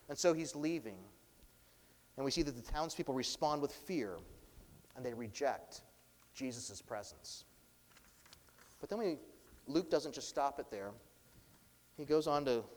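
A man preaching a sermon, earnest, swinging between emphatic and hushed delivery. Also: mid-range voice, in a large hall. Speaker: pastor.

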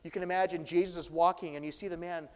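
A man preaching a sermon, earnest, swinging between emphatic and hushed delivery. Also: high-pitched, fairly even intonation, fast talker, clean tone, in a large hall. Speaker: pastor.

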